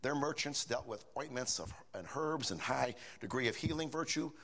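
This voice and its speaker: A man's voice: medium pitch, animated, moderate pace, fairly bright tone. An older man preaching a sermon in a folksy, repetitive way, often asking the congregation rhetorical questions. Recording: reverberant hall.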